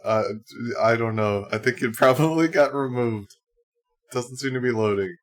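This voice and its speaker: A man's voice: mid-range voice, lively intonation, normal speed, soft background music. A man streaming live, reacting to a clip with laughing, incredulous asides.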